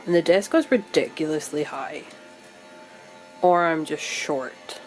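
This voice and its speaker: A Scottish woman talks through her room in a relaxed, rambling vlog, thinking out loud as she goes. Her voice sits a little low for a woman, and she chats casually to the camera. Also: takes it slowly, soft background music. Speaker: vlogger. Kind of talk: casual chat. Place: room at home.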